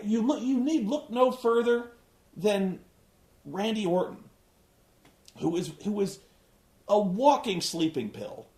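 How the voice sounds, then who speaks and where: Guy ranting about a wrestling show, swears a ton, kinda high voice, roomy echo. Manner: rambling, swears a lot, restarts often. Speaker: host reviewing a wrestling show. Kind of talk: casual profane recap.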